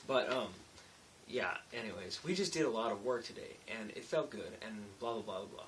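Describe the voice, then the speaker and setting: A man's voice: on the low side, expressive, fairly quick, a bit bright, far from the mic, a little hiss or hum. A tired young man rambling through a casual late-night vlog, self-mocking and full of restarts. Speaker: vlogger.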